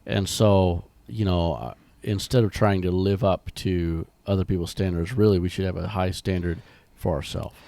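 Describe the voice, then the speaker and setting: A deep, warm man talks casually on a podcast, his voice worn down by a cold. He wanders through his points with fillers and restarts. The sound is dry and close. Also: steady tone, moderate pace, creaky, few pauses, dry recording. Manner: rambling, many restarts and fillers. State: sick, rough voice. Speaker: podcast co-host.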